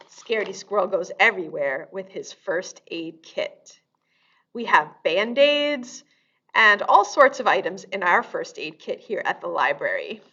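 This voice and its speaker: A woman's voice: mid-range voice, a bit bright, highs cut off. A woman librarian leading a storytime and sing-along for young children, in a sing-song, exaggerated way.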